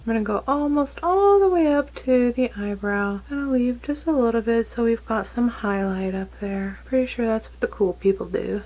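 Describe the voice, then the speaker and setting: A chatty woman with a Texan accent explains her makeup steps as she goes, light and self-deprecating. Her voice sits a little high. She talks into a camera mic at home. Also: normal speed, hardly any pauses, darkish tone, low-quality recording. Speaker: makeup vlogger. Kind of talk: casual makeup tutorial. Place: home, indoors.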